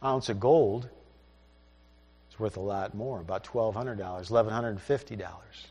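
A man's voice: fairly low pitch, normal speed, dark tone, husky. A man preaching a sermon, reading scripture aloud and explaining it in a conversational way. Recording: long hall reverb.

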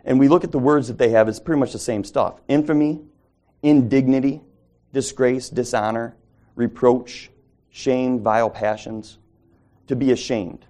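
A man's voice: mid-range voice, steady tone, moderate pace, warm tone. A man leading a casual Bible study, teaching conversationally, asking the group questions and correcting himself as he goes.

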